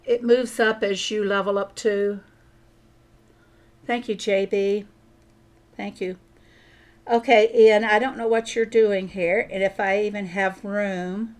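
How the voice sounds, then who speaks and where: Slow-talking chatty woman streamer. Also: medium pitch, flat delivery. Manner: chatty, thinks aloud, answers viewers. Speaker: mobile farming game streamer. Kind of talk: casual gameplay commentary.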